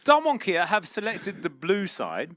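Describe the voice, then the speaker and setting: A man's voice: sits high, wildly swooping pitch, measured pace, a bit bright, dry recording. A young man casting an esports match, with a playful, mock-formal way of talking. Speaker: esports commentator. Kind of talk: esports play-by-play commentary.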